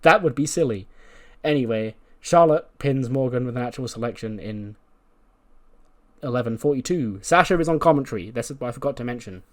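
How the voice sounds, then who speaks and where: A man's voice: medium pitch, lively intonation, fairly quick. A man narrating a wrestling-management game playthrough in a loose, rambling way. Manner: loose, rambling, many "like"s and restarts. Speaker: let's-play creator.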